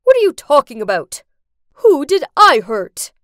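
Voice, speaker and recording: A woman voicing a furious, demanding middle-aged father in an animated story. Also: sits high, unhurried, dry recording, clean studio sound, full character voice. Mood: indignant.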